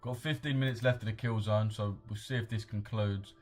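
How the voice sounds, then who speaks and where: A man's voice: on the low side, steady tone, fairly quick, soft background music. A young man, live-streaming forex trades and chatting casually with viewers, full of slang, calling them boys and mate. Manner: slangy, laddish, addresses chat as boys and mate.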